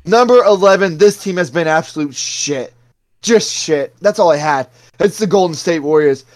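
A man's voice: a little high, animated, moderate pace. A man co-hosting a sports podcast, reading a crude joking countdown in a mock-announcer way. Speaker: podcast co-host.

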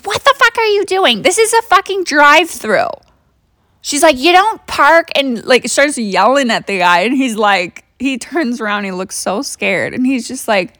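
A woman's voice: mid-range voice, a bit bright, no echo, clean studio sound. A young woman hosting a podcast, telling stories in a chatty, profane way with lots of fillers. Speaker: podcast host. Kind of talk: casual storytelling.

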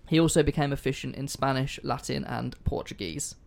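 Guy hosting a chatty podcast, gravelly voice, swears a lot, laid back. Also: mid-range voice, steady tone, a little fast, darkish tone. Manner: swears freely, chatty and offhand. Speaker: podcast host. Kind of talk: casual podcast storytelling.

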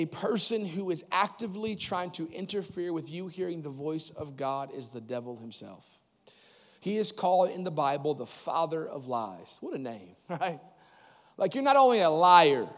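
A man preaching a sermon at a church service, animated, with loud emphatic peaks and quick asides. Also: on the high side. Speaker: pastor. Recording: long reverb of a large hall.

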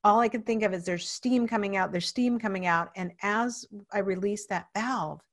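A woman guest in a casual conversation, telling a personal story with lively acted-out quotes. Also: mid-range voice, normal speed. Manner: animated storyteller, acts out quoted speech.

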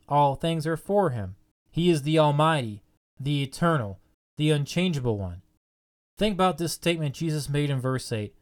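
A man preaching a sermon, asking his listeners earnest, repeated rhetorical questions and stressing key points. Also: mid-range voice.

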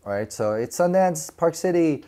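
A middle-aged man chats as an interview guest, his pitch leaping up and down with lively energy. He acts out the people in his stories and laughs a lot as he talks. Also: unhurried. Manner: animated, acts out voices, laughs often. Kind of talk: casual storytelling interview.

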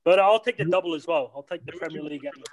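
A man's voice: a little high, fast talker, a little hiss or hum. A man chatting casually about football, swearing and laughing as he talks.

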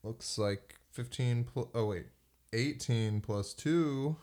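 A man's voice: mid-range voice, slow pace, darkish tone. A man playing a tabletop game, chatting in a laid-back, joking way. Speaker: player. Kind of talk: casual chat at a game table.

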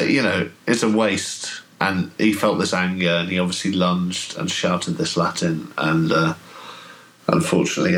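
A man running a tabletop horror game as game master, telling the scene in a relaxed, hesitant way with many fillers. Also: deep voice. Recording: podcast audio.

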